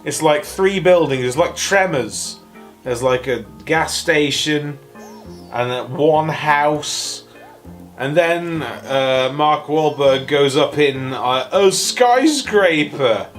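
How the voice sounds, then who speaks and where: Tipsy and hiccuping after too many shots, a man rambles through a toy review. His fairly high voice drags slowly, then jumps into excitable, sarcastic yelps before sinking back to mumbles. Faint music plays beneath him.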